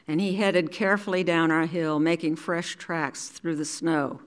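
An older woman from New York City reading her own memoir aloud in a measured, deliberate storytelling manner. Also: sits low. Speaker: resident reader.

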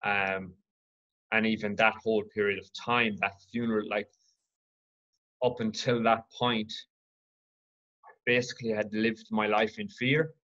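A man from Ireland hosting his own podcast, telling a personal story in an earnest, reflective, halting way. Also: fairly low pitch, level tone, a bit bright, muffled recording. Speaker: podcast host.

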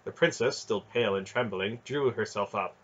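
A man reading a fantasy novel aloud as an expressive audiobook narration. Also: lowish voice, moderate pace, dull audio. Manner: dramatic storybook narration, expressive.

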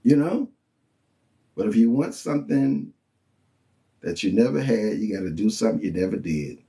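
A man delivers a casual, conversational sermon in a mellow, relaxed tone. He talks loosely and keeps checking in with his listeners. When he quotes other people, his voice jumps up high. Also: moderate pace. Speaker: preacher. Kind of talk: informal sermon.

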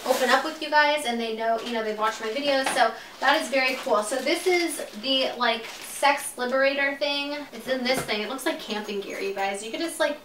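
A woman's voice: a little high, moderate pace, a bit bright, recorded from a distance. A young woman chatting casually through an unboxing vlog at home, gushing and giggly. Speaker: vlogger. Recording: roomy, off-mic, faint hiss.

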